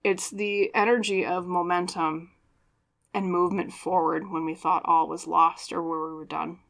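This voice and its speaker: Fairly low and gravelly with a slight brightness, this woman's voice stays level at a moderate pace. She's doing a pick-a-card tarot reading, talking earnestly and at length, checking in with "okay?", apologizing often, and letting her feelings show.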